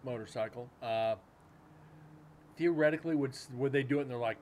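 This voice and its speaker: A man's voice: medium pitch, fairly quick, noisy background. A man hosting a paranormal livestream, chatting casually in a loose, rambling way with some swearing. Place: home room with a cat nearby.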